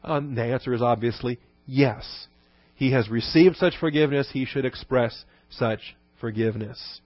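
A male pastor delivers a sermon like a relaxed teacher, with asides and sudden emphatic stresses. His voice sits at a middle pitch. The recording is dry and slightly muffled. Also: normal speed, no room sound.

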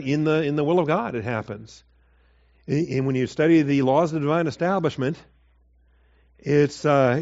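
A man's voice: a little high, darkish tone, highs cut off. Man teaching a Bible passage, chatty. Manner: conversational, with asides and acted quotes.

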